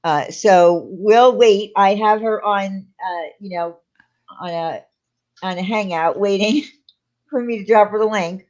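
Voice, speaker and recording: A woman's voice: mid-range voice, a little slow, a little mellow, muffled recording. A woman hosting a casual livestream, talking in a rambling way with lots of fillers and restarts. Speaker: channel host.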